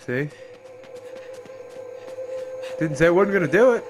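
A man giving profane, excitable running commentary while playing a game, often yelping and exclaiming. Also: sits high, unhurried, long pauses, music in the background. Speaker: gameplay streamer. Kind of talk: let's play commentary.

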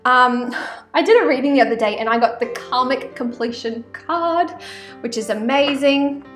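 A chatty Australian woman with a high, bright voice rambles through an oracle card reading for her vlog, full of "um" and "like" asides. She sounds like she is in an echoey room, and soft music plays faintly behind her. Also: normal speed. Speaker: spiritual vlogger reading oracle cards.

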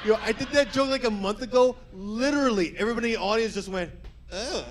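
A male stand-up comedian with an energetic, profane delivery, doing a set for a live audience and slipping into quick character voices. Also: sits high, background noise.

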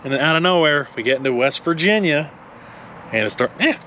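On dull audio, a man with a slightly high, sharp, animated voice speaks fairly quickly, co-hosting a relaxed car vlog about a road trip. His telling is rambling and stumbling, full of laughter, with faint outdoor noise humming underneath.

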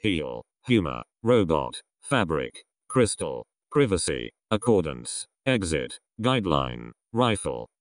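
Deep-voiced man slowly reading words. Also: very animated, no echo, studio quality. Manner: slow, measured reading of single words with pauses. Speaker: vocabulary list reader. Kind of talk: reading a word list aloud.

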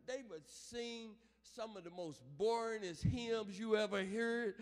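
High, lively preacher in a reverberant church. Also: male voice, a little slow. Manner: call-and-response preaching, rising to shouts. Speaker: pastor. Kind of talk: funeral sermon. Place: large church sanctuary.

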